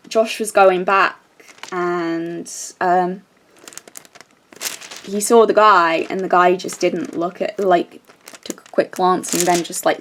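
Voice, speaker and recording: A woman's voice: fairly low pitch, slight background noise. A young woman chatting casually while she crafts, telling a story with lots of fillers and restarts. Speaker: crafting vlogger.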